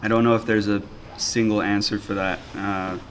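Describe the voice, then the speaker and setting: A man co-hosting a podcast, reading listener questions and answering in a thoughtful, halting way. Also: fairly low pitch, flat delivery, a bit bright, a little hiss or hum. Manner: thoughtful, halting, restarts phrases. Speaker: podcast co-host. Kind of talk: casual chat.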